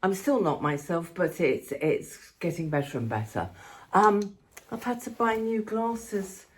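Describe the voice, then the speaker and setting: A woman's voice: mid-range voice, very animated, unhurried. An older woman from England chatting casually to her phone camera, rambling and affectionate, walking about outdoors and at home. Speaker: vlogger.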